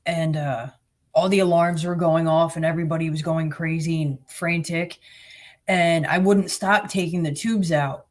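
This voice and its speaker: A middle-aged woman from New Jersey with a Jersey accent, bluntly and sarcastically telling her own story as a guest. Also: low-pitched. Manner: blunt, sarcastic, plain-spoken. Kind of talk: personal storytelling.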